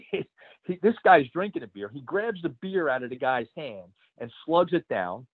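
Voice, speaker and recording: A man's voice: fairly high pitch, expressive, moderate pace, slightly rough, dry recording. Male ex-wrestler guest, casual storyteller, filler-heavy delivery, phone-quality dry audio. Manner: rambling, many fillers, laughs through stories. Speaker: retired pro wrestler guest. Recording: tinny phone-like line.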